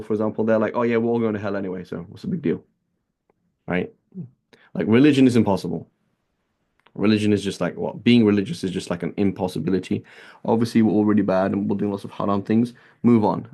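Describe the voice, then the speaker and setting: A man's voice: fairly low pitch, dark tone. A man teaching a religious lesson in a casual, chatty way, peppering his talk with "right?" and "like". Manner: chatty, many "right?" and "like" asides. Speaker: teacher of a hadith class. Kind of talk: casual lecture with anecdotes.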